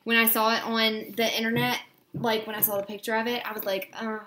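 A woman's voice: on the high side, level tone, fast talker, very noisy. A woman co-hosting a casual product review, chatty and rambling with lots of fillers.

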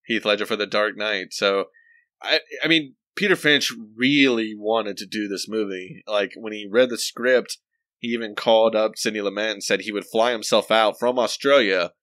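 A man's voice: on the low side, normal speed, a bit bright, dry recording. A young man co-hosting a casual movie podcast, sharing film trivia in a chatty way. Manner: talkative, shares film trivia. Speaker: podcast co-host. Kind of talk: casual chat.

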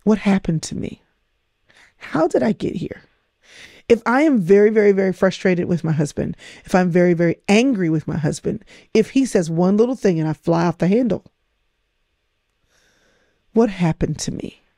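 A woman's voice: on the low side, normal speed, warm tone, dry recording, studio quality. A middle-aged woman hosting a podcast, coaching her listeners with emphatic, repetitive phrasing. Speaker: podcast host. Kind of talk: motivational talk.

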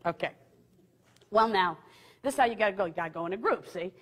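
A woman telling a personal story with animated delivery, laughing often and jumping into high excited outbursts. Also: fast talker, husky, big-room sound. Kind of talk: testimony storytelling.

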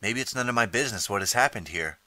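A man's voice: lowish voice, lively intonation, fast, sharp tone, no room sound. A man reading a nervous young time traveler. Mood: musing. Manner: hesitant, musing to himself. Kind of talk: audiobook character reading.

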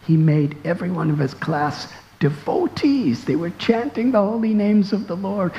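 Brief: a monk preaching, slow and earnest, a gravelly voice pitched a little high. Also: male voice, warm tone, lo-fi sound, slight background noise. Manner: slow, earnest, dramatic storytelling. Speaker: monk and spiritual teacher. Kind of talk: devotional storytelling sermon.

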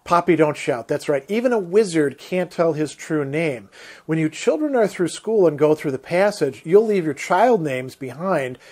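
Man voicing a gentle village schoolmistress from a storybook fantasy, quizzing her pupils and correcting them patiently. Read aloud close to his own voice. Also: fairly high pitch, animated, normal speed.

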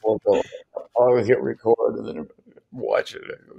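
A man's voice: lowish voice, animated, unhurried, creaky, dark tone, slightly rough. An older man, a songwriter guest on a podcast, telling long anecdotes with many restarts. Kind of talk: storytelling in a podcast interview.

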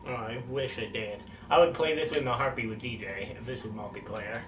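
A man giving casual, jokey commentary while live-streaming a game, with sudden excited outbursts. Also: mid-range voice, a little fast. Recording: roomy, distant mic, noisy.

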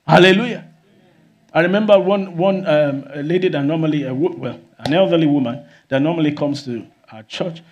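High-voiced pastor preaching. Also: male voice, a little fast, lo-fi sound. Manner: exclaims hallelujah often, rises to shouts. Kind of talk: sermon.

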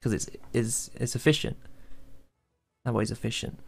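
A man streaming games with casual, deadpan, mock-dramatic commentary. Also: mid-range voice, moderate pace, creaky, over music.

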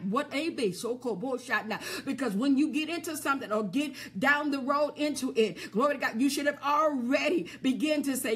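A woman preacher giving a sermon, repeating refrains and asking the congregation if they hear her, building up to shouts. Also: sits high, brisk, hardly any pauses, breathy edge.

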